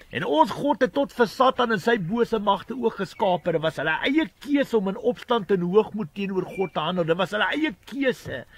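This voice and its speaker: A man preaches in an earnest, steady teaching manner. His voice is pitched high for a man, and he builds his points through long, explaining runs of speech. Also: breathy edge. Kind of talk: spoken sermon.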